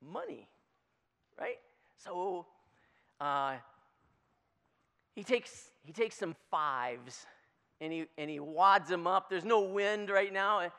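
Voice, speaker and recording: A preacher giving a conversational sermon, telling a story in an animated, chatty way. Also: mid-range voice. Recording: long hall reverb.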